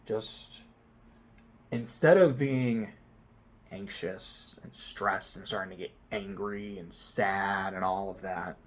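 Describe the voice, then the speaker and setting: A man telling a personal story to camera in a casual vlog, swinging between loud excited bursts and quiet near-whispered asides. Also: low voice, slow. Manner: frequent swearing, casual slang. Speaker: vlogger.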